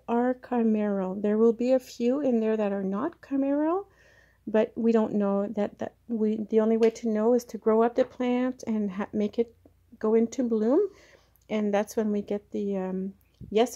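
A woman who grows plants chats through a casual propagation demonstration, mellow-voiced and pitched on the high side. She's a bit hesitant, talking as her hands stay busy. A camera mic records her from very close range.

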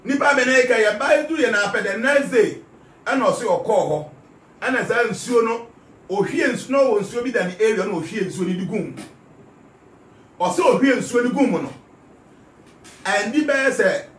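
A man's voice: high voice, lively intonation, normal speed, long pauses, a bit bright, echoey room, far from the mic. A man with a Ghanaian accent giving an emphatic spiritual talk, repeating his key phrases. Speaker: spiritual teacher.

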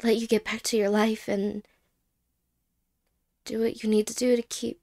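Whispered role-play: a woman plays a wistful, apologetic ex-girlfriend with a fairly high, gravelly voice, halting and soft. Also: little pitch movement, natural voice. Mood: tender. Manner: halting, hesitant, soft-spoken with whispered words.

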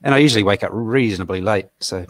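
This New Zealand-accented man, a comic artist appearing as a guest, talks casually over video call in a halting, self-deprecating way, filling gaps with many fillers. The voice is lowish and there's no echo.

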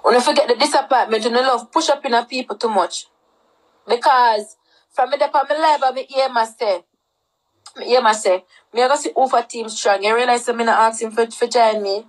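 A woman's voice: on the high side, steady tone, moderate pace. A woman with a Jamaican accent chatting casually on a livestream, rambling and repeating herself, mixing Patois into her talk.

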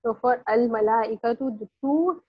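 Husky-voiced woman teaching grammar online. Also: on the high side, dry recording. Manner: explains patiently, with many pauses and restarts. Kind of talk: online class explanation. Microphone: video call. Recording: dull lo-fi online call audio.

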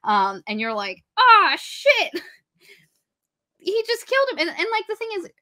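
A woman co-hosting a book podcast, retelling the plot in a casual, animated way, acting out characters' lines and swearing freely. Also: very high voice, normal speed. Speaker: podcast co-host. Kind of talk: casual book review chat.

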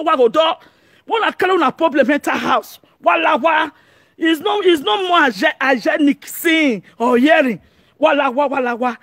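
A Nigerian woman from Edo giving an animated monologue as an online commentator, excitable and often shouting and laughing. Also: sits high, dry recording, clean studio sound.

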